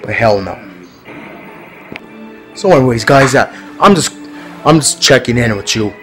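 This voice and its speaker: Slow, rambling male vlogger. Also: medium pitch, expressive, faint music behind, low-quality recording. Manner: rambling, repetitive, laughs often. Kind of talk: casual rambling vlog.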